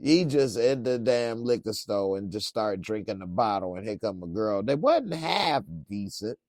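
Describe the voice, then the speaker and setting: Man, casual reaction podcast, animated pitch, slow pace, dry close sound. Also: no room sound. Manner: laid-back, laughing, slangy. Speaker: reviewer.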